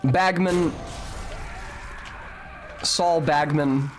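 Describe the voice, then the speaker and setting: A man's voice: on the high side, measured pace, a bit bright, slight background noise. Rambling, foul-mouthed male game streamer. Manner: rambling, joking and profane, with frequent fillers. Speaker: game streamer talking to chat. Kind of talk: casual live-stream chatter while playing.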